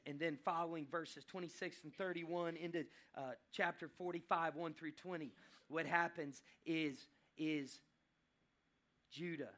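A man preaching a sermon, telling a story dramatically and swinging between loud and hushed passages. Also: a little high.

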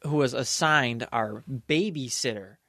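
A man's voice: medium pitch, measured pace, a loud crowd. A young man telling a construction story in casual chat, swearing freely and acting out what people said. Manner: profane, animated, acts out quotes.

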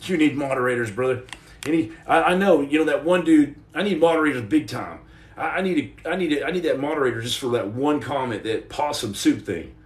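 A man's voice: medium pitch, brisk, reverberant, far from the mic. A man in his forties hosting a casual livestream from home, rambling and joking while he paints and answers viewer comments. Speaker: livestream host. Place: indoor room at home.

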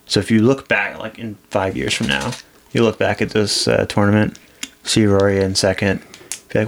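A man's voice: on the low side, normal speed, vocal fry, slight background noise. A man co-hosting a casual podcast chat, telling loose, joking stories in a rambling way. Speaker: podcast co-host.

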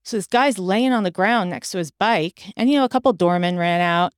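A middle-aged woman hosting a podcast, telling personal stories in casual chat with animated delivery. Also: medium pitch, brisk, smooth, dry recording, clean studio sound. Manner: animated, acts out quoted dialogue. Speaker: podcast host.

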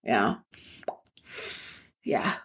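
A woman's voice: drawn-out words, fairly bright tone. A woman co-hosting a casual podcast chat who tells her story indignantly, with plenty of swearing. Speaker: podcast co-host.

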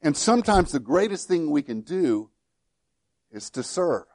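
A man preaching a sermon as pastor, animated and lively, acting out the people in the story and often restarting his sentences. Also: a little high, a little slow, no room sound.

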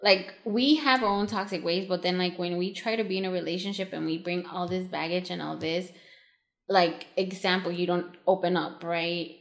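A woman's voice: fairly low pitch, moderate pace, gravelly. A young woman co-hosting a casual chat, talking in long rambling runs full of "like" and acting out what other people said. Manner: rambling, filler-heavy, animated quoting of others.

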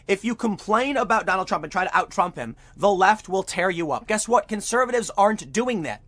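A man's voice: high-pitched, animated, fairly quick, hardly any pauses, fairly bright tone, dry recording. A man giving opinionated political commentary as he reads news aloud, emphatic and prone to repeating words when fired up.

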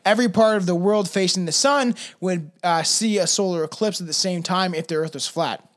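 A man's voice: high voice, a little fast. A young man co-hosting a casual podcast, rambling and crude with frequent laughs. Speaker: podcast co-host.

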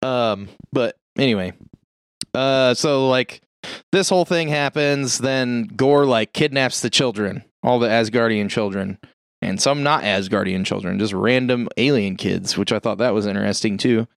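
A man's voice: medium pitch, normal speed, gravelly, dry recording, clean studio sound. A man casually recapping a movie for friends, rambling with lots of fillers and swearing. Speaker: podcast co-host recapping a movie.

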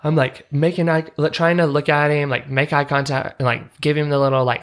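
A man from Utah co-hosting a podcast, retelling a dating story in a casual, animated way, full of fillers and acted-out quotes. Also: mid-range voice, normal speed, clear, resonant tone. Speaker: podcast co-host.

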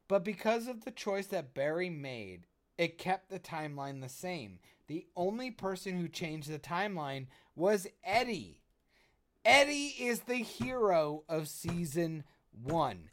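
Excitable guy on a podcast, voice jumping all over, talks slow and drawn out, swears a lot, bangs the desk by the mic. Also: high-pitched. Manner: excitable and emphatic, swears freely. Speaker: podcast co-host. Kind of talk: casual pop-culture chat. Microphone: desk mic, bumped while he hits the desk.

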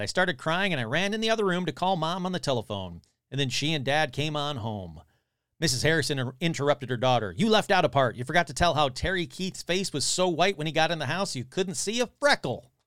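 Reading a newspaper piece aloud on his podcast, a man casually drops in wry, grumbling comments. His voice is fairly high and a bit bright, and the studio-quality recording has no echo.

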